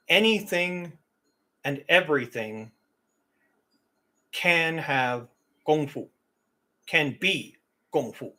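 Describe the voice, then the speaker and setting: Man, stream host; slow, emphatic rant delivery, slightly raised pitch. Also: a bit bright. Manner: slow, opinionated, emphatic about pronunciation. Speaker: livestream host. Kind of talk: casual livestream rant.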